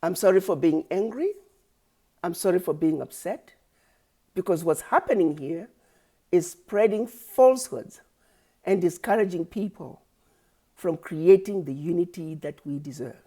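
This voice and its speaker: A woman's voice: fairly low pitch, measured pace, pauses often, dark tone, slightly rough. A woman giving an impassioned, preachy address straight to her audience, firing rhetorical questions and repeated refrains. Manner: preachy, accusatory, rhetorical, repetitive. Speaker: activist speaker. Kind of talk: impassioned direct-to-camera address.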